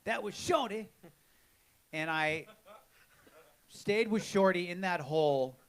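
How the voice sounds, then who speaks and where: A man's voice: high voice, expressive, slow. A man hosting a live podcast, telling stories in a frank, self-mocking way with rambling restarts. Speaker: podcast host. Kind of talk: live storytelling chat. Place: live show before an audience.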